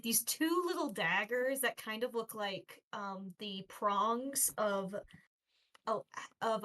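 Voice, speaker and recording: A woman's voice: a little high, a bit bright. A woman playing a tabletop game who rambles, hesitates and giggles as she works out her moves. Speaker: player.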